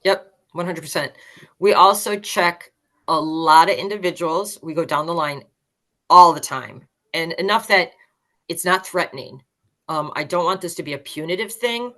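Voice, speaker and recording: A woman in her fifties, a band director, explaining her teaching methods in an energetic, emphatic way as a podcast guest. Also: fairly low pitch, moderate pace. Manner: energetic, emphatic, acts out student voices.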